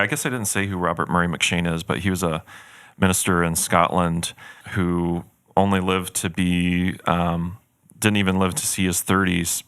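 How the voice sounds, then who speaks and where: A man's voice: low voice, fairly bright tone, clear, resonant tone, no echo, clean studio sound. A man co-hosting a church podcast, chatting earnestly and thoughtfully about a book he recommends. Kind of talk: casual book recommendation chat.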